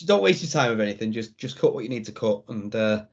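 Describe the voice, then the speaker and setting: A man's voice: fairly low pitch, expressive, quick pace, darkish tone. A man co-hosting a casual wrestling podcast, enthusiastic and rambling, with dry jokes. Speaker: podcast co-host. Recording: dull lo-fi sound.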